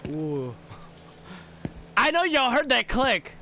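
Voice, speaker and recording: A man's voice: very high-pitched, very animated, takes it slowly, bright, forceful tone, a little hiss or hum. A young man playing a horror game, commentating with crude jokes and jumpy reactions. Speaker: gaming streamer.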